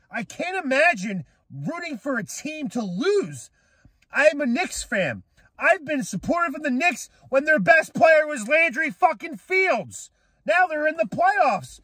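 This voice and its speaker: A young man ranting angrily as a sports fan, swearing and shouting at critics. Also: very high-pitched, very animated, unhurried, no room sound. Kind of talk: profane rant to camera.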